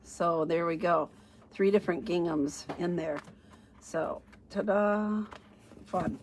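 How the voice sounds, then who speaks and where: A woman's voice: fairly low pitch, takes it slowly, background noise. A middle-aged woman demonstrating paper crafts on a casual livestream, chatty and thinking aloud, with fillers and a touch of allergy sniffles. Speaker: stamping demonstrator.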